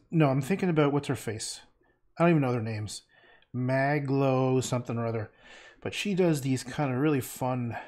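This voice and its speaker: A man's voice: medium pitch, darkish tone. A man painting on a livestream, rambling and muttering to himself, tossing in playful nonsense words and casual swearing. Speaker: painter streaming live.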